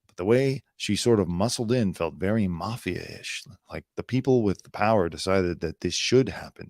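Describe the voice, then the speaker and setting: A man hosting a comedy talk show, joking his way through celebrity news in a mocking tone and slipping into quick impressions. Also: low voice, no echo, studio quality. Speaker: comedy podcast host.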